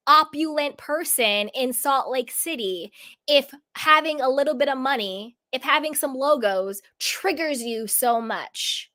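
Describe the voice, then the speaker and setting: A woman's voice: sits high, lively intonation, a little slow, bright, forceful tone, no echo, clean studio sound. A woman giving an opinionated recap of a reality show, emphatic and indignant, full of rhetorical questions. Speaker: reality TV commentator.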